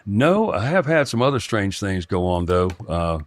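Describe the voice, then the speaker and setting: A middle-aged man telling a personal story in a halting way, with many restarts and fillers. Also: on the low side, very animated. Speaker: guest telling a personal experience. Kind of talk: rambling first-person storytelling.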